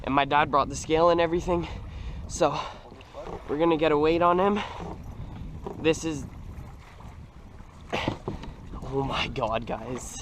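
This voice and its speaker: A young man in an outdoor fishing vlog, exclaiming as he talks from a kayak on open water, swinging between hushed murmurs and loud outbursts. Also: a little high, steady tone, normal speed, long pauses, background noise. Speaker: fishing vlogger. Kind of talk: excited outdoor vlog commentary.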